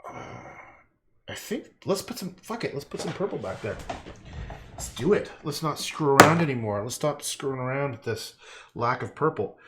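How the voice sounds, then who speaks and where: A man's voice: mid-range voice, a bit bright, a little hiss or hum. A man livestreaming as he paints, rambling to himself with casual swearing and self-mocking jokes. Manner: playful, self-mocking asides. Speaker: painter livestreaming his work. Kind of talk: rambling live commentary while painting.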